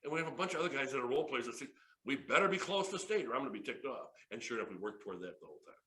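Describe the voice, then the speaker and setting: A man in his fifties leads a sales workshop in a bright, forward voice that swings widely in pitch. He tells stories with excitable, joking energy and laughs often, and the room adds a noticeable echo. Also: very fast. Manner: excitable, jokey storyteller who laughs often. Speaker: workshop presenter. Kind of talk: lively workshop talk with stories. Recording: echoey room.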